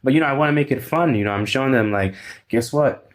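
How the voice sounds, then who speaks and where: A man's voice: mid-range voice, fast. A man working as a dating coach, talking in a brash, emphatic, streetwise way in a casual podcast chat. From from overseas.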